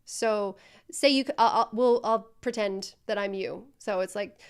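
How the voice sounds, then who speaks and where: A woman's voice: medium pitch, steady tone, a little slow, clear, resonant tone. A woman coaching a student through customer service role-play, speaking directly and encouragingly.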